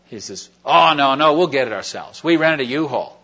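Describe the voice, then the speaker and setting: Man, sermon testimony, conversational, halting with fillers, muffled lo-fi recording. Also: medium pitch, expressive, pushed and bright. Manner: rambling, folksy, with many fillers and restarts. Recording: dull lo-fi recording.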